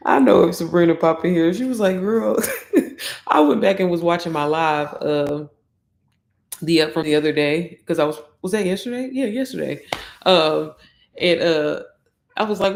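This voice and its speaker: A woman's voice: on the low side, a little slow, gravelly, long pauses, a little mellow, echoey room. A woman hosting a live stream in casual chat, greeting viewers by name and laughing often. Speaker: livestream host.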